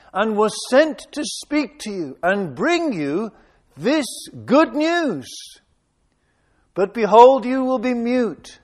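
A man with a high voice delivers a sermon at an unhurried, measured pace. He reads scripture aloud with dramatic emphasis and pauses for reflective asides. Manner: slow, deliberate reading with dramatic emphasis and asides. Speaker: preacher. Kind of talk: sermon reading and expounding scripture.

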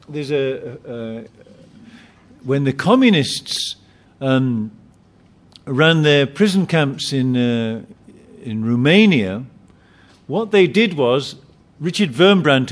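A man preaching a sermon, emphatic, often repeating and restarting his phrases. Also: mid-range voice.

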